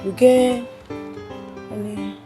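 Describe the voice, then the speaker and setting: An actress with a Nigerian Pidgin accent playing a job seeker begging for work. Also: female voice, medium pitch, fairly even intonation, drawn-out words. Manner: begging, deferential. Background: music.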